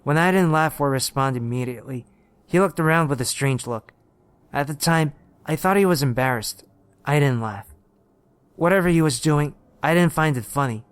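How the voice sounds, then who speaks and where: Smooth-voiced male horror narrator. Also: on the high side, moderate pace, no room sound. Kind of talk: first-person horror story narration.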